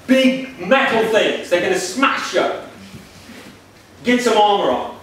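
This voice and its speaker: A man's voice: sits high, animated, takes it slowly, fairly bright tone, a little hiss or hum, full character voice. A man doing a blunt, bossy old king. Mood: insistent. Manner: gruff, bossy, matter-of-fact. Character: blunt commanding ancient king, older man. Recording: echoey room from a distance.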